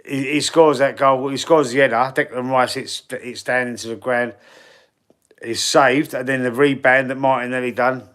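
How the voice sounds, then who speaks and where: A man's voice: mid-range voice, fairly even intonation, moderate pace, fairly bright tone. A man with a Cockney accent, hosting a casual live stream as a football fan, reading chat and rambling in a laid-back, slangy way. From England. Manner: chatty, rambling, repeats words and restarts. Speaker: football fan livestream host.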